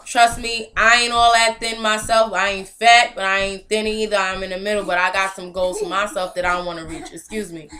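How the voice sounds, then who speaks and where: A woman's voice: mid-range voice, steady tone, brisk, hardly any pauses, sharp tone. A young woman hosting a casual vlog, speaking earnestly and encouragingly, with some casual slang. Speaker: movement founder and show host.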